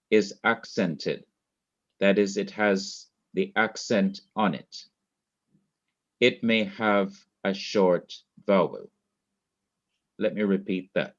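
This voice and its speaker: Guy teaching grammar real slow, says things twice, muffled laptop mic. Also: fairly low pitch. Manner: slow, deliberate, repeats key points. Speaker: Hebrew language teacher. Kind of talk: online classroom lecture.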